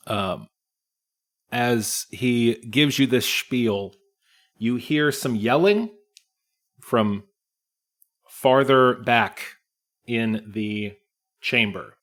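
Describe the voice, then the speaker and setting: A man narrating as game master of a tabletop game, relaxed with frequent hesitations. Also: medium pitch, extremely slow, pauses often.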